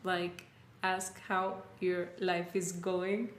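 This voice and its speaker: A woman's voice: on the low side, completely flat delivery, extremely slow, reverberant. A woman from Colombia in a casual chat, explaining with frequent laughs and fillers. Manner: laughing, uses many fillers. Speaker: guest.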